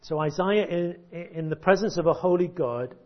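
A man preaching a sermon, emphatic and deliberate, with long pauses, repeated words and sudden hushed drops. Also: high-pitched. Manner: drops to a hush at key points. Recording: dull lo-fi recording.

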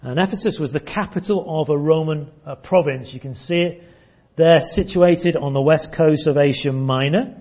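A man's voice: on the high side, moderate pace. A man preaching a teaching sermon to his congregation, earnest and prone to repeating words as he restarts. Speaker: pastor. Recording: dull lo-fi church recording.

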